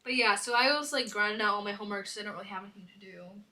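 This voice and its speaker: A woman's voice: mid-range voice, very fast, sharp tone. A young woman hosting a casual chat, rambling animatedly and saying "like" constantly. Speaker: host.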